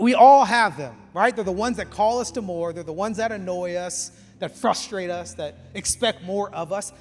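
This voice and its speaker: A male pastor delivers an energetic sermon in a high, bright voice. His words ring through a large church hall with a long echo and soft music underneath. He surges to emphatic, near-shouted peaks, then pulls back to quiet, close passages. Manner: passionate, swings between loud emphatic peaks and quiet intimate passages. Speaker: campus pastor. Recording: reverberant hall with faint music.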